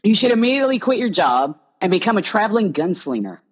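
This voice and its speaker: A woman co-hosting a casual comedic podcast, opinionated and quick to laugh, often restarting her sentences. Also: mid-range voice, very animated, breathy edge, muffled recording. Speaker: podcast co-host.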